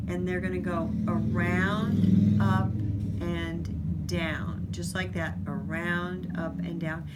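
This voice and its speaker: A woman teaching parents how to guide children in writing their sounds, explaining each step slowly and patiently. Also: fairly low pitch, fairly bright tone, slight background noise. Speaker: reading teacher. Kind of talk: instructional demonstration.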